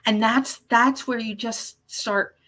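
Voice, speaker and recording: Playful, lively woman in her fifties. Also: fairly high pitch, slow pace. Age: 50s. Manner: lively, playful, restarts often, acts out little scenes. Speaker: guest, life coach. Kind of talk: casual interview chat.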